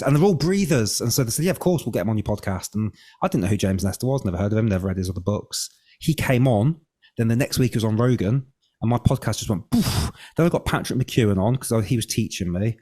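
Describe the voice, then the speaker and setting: A man's voice: medium pitch, a little fast, darkish tone. A man, a breath coach, telling his story as a podcast guest, candid and casual, sometimes swearing and acting out his own past thoughts.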